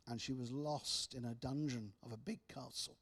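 Male preacher, storytelling testimony, drops to hushed tones. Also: medium pitch, steady tone, moderate pace, husky. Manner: storytelling with repeated restarts, soft dramatic drops. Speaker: speaker.

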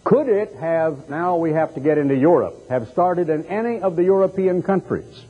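A man's voice: on the high side, animated, moderate pace. A male radio evangelist delivering a broadcast sermon, firing off emphatic rhetorical questions. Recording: dull lo-fi recording.

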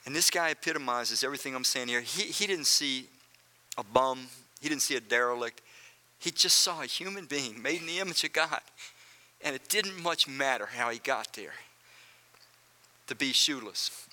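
Earnest preacher man, bright forceful voice. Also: medium pitch, animated, normal speed. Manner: earnest, addresses the congregation directly; repeats phrases for emphasis. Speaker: pastor. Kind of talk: sermon.

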